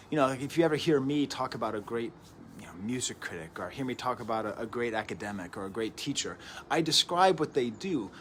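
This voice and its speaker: A man's voice: mid-range voice, fairly bright tone, slight background noise. A man in his thirties hosting a casual spoken record review at home, chatty and digressive, with many asides. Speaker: host of a music review show. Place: at home early in the morning.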